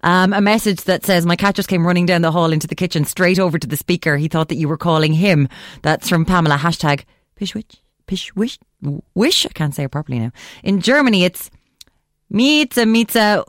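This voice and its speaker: A chatty Irish woman hosting a radio show, her voice sitting a touch low. She laughs easily and reads out listener messages into a close, dry studio microphone. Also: dry recording. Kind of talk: casual radio chat.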